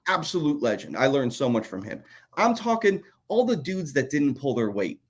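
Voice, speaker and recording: A former toy designer co-hosting a podcast rants through a profane story about his old design job in casual conversation. His medium-pitched voice is slightly rough, swings widely in pitch, and moves at a normal speed.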